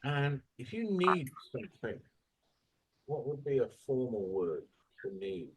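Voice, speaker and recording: A man's voice: mid-range voice, big pitch swings, a little slow, a bit bright, slight background noise. A man teaching a classroom English lesson, quizzing students on formal words and modeling the stress of each word. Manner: questioning, drills pronunciation by modeling words.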